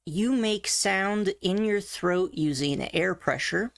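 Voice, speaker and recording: A woman's voice: mid-range voice, takes it slowly, no echo. A woman casually teaching voice training, thinking aloud with asides and self-corrections as she explains. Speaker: voice coach. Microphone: desk mic on a face-tracked avatar setup.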